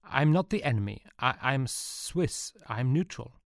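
A man's voice: mid-range voice, lively intonation, measured pace, creaky, dry recording, clean studio sound, pitched above the performer's own voice. A man voicing a nervous young male soldier who stammers and hesitates.

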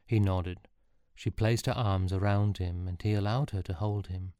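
A man narrating a story as an audiobook in a calm, measured way. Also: deep voice, smooth, no echo, studio quality.

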